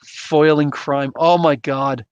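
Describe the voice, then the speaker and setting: A man's voice: fairly high pitch, fairly even intonation, takes it slowly, smooth, dry recording, dull audio. A man hosting a casual livestream, rambling and chuckling as he reacts to chat comments. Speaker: livestream host reading chat.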